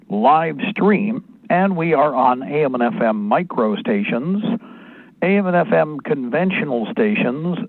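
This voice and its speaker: A man's voice: fairly high pitch, gravelly, no room sound. A man hosting a talk radio show, speaking in a rambling, digressive monologue full of asides. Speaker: radio host. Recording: narrow phone-like band, dry.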